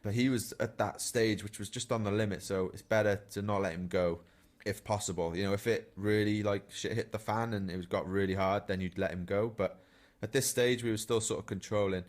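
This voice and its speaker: A man's voice: lowish voice, fairly even intonation, fairly quick, few pauses. A man, a professional cyclist, telling race anecdotes in a casual podcast chat, chuckling now and then as he goes.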